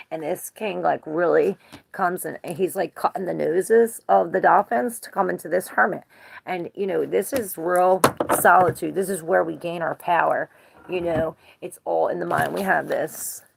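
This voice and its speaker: A woman's voice: sits low, creaky, slight background noise. A woman in her forties giving a live tarot reading in a rambling, casual way, greeting viewers as she goes. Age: 40s. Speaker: tarot reader.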